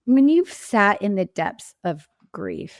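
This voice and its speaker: A woman's voice: medium pitch, sing-song, slow pace, no room sound. Impassioned woman grief coach, dry sound. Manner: impassioned, emphatic, reflective. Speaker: grief coach and podcast guest. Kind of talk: earnest interview answers.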